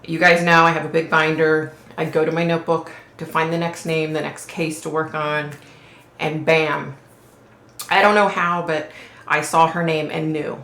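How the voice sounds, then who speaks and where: Low gravelly woman in an echoey room. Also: level tone, moderate pace, a bit bright. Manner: rambling, full of "like" and "okay?" check-ins. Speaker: psychic vlogger. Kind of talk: casual storytelling to camera. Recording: roomy echo.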